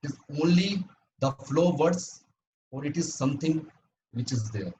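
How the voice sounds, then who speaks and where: A man giving a prepared talk at an online speakers' club meeting, earnest and halting, with frequent restarts. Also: a little high, animated, dark tone, slight background noise, rough recording.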